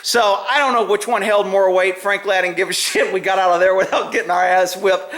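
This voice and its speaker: A middle-aged former police officer tells a story casually and briskly in a voice that sits high, animated and laughing often while acting out quotes loudly. The recording is rough, with heavy reverb.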